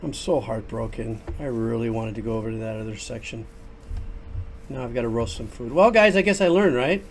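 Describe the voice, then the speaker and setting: Older guy on a headset streaming a game, chatty and excitable, lots of exclaiming, normal pitch. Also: a little fast, slight background noise. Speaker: streamer and composer. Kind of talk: casual livestream commentary.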